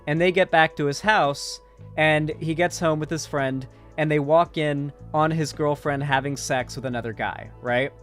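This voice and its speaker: A man's voice: a little high, steady tone, moderate pace, fairly bright tone, faint music behind. A man giving casual, sarcastic commentary, profane and full of fillers and restarts. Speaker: online commentator. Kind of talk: casual political commentary, recapping a movie.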